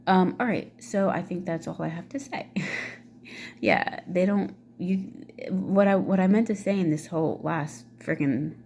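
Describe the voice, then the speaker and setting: A woman's voice: on the low side, measured pace, creaky, mellow, a little hiss or hum. A middle-aged woman ranting casually to camera, blunt and swearing freely, with many fillers. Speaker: vlogger.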